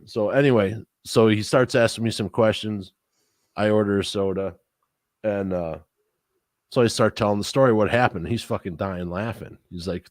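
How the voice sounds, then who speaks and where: Man, low voice, casual swearing storyteller, podcast chat, dry recording. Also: normal speed, pauses often, no echo. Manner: profane, animated storyteller acting out quotes. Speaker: podcast co-host.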